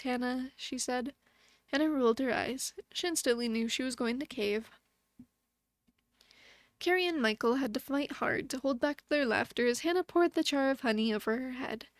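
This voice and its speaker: A young woman reads a bedtime story in a gentle put-on motherly voice. Her voice sits a little high, and the sound is dry and close with no room around it. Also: no echo. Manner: chatty and thankful toward her viewers. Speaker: streamer. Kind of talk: reading a bedtime story aloud.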